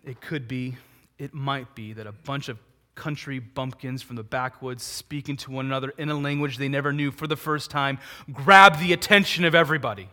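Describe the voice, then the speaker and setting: This pastor's sermon is animated, his voice medium in pitch and his speed normal. He keeps asking rhetorical questions and supplying the answers, rising to loud emphatic peaks and dropping into quiet asides.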